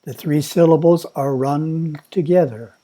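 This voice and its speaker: Guy reading a calm spiritual lesson, soft mellow tone, kinda highish, takes his time. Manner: measured, instructive, slow. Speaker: monastery teacher. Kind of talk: prepared spiritual talk read aloud.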